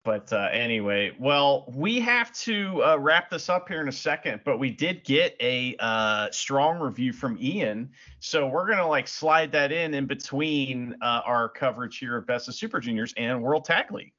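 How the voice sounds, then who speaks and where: A man's voice: medium pitch, expressive, moderate pace, hardly any pauses, bright, forceful tone, dull audio. A man co-hosting a podcast, talking casually with many hesitations. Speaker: podcast co-host.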